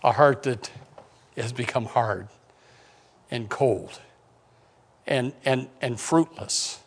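A man's voice: mid-range voice, slow pace, gravelly, slight background noise. A man preaching a conversational sermon as pastor, with repeated restarts and joking asides.

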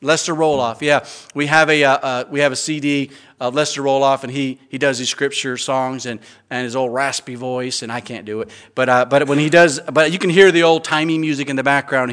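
A man's voice: a little high, fast, a bit bright. A middle-aged man preaching an earnest sermon as pastor, with frequent stammering restarts and emphatic rises.

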